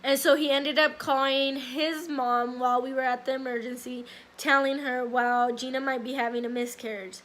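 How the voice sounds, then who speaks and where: A young woman recounts a personal story to her viewers in a casual vlog. Her voice sits high, and she rambles along, filling her sentences with likes and ums. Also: level tone, normal speed, a bit bright. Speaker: vlogger.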